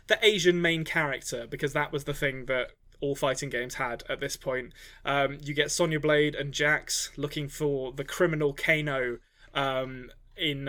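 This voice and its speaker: A man co-hosts a movie podcast, chatting casually as he reviews films. His mid-range, slightly bright voice rambles along with lots of restarts and ums.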